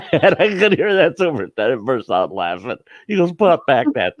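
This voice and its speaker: An older man, the host, telling a story in a folksy, chuckling way with rough country grammar, on a dull, dry lo-fi recording. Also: mid-range voice, sing-song, a little fast, no echo. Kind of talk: casual spoken storytelling.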